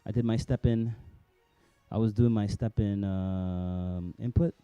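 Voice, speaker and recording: A man's voice: lowish voice, fairly even intonation, unhurried, smooth, dry recording, dull audio, faint music behind. A middle-aged man from New Jersey hosting a vlog, chatty and self-mocking, rambling with many restarts. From New Jersey, USA. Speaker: vlog host. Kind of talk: casual rambling vlog talk.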